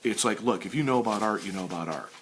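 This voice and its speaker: A man hosting a casual chat while sketching, ranting with animated stammered restarts. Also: lowish voice, fast, noisy background.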